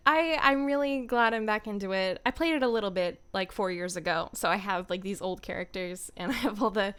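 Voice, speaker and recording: A young woman voice actor chatting casually on a live stream, laughing often and filling pauses with ums. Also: medium pitch, fairly bright tone, clear, resonant tone. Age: young adult.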